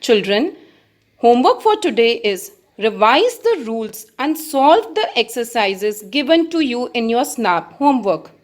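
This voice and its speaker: Slow, high-voiced Indian woman teacher. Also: big pitch swings. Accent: Indian English. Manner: addresses children, reads examples with emphasis. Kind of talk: slow classroom explanation.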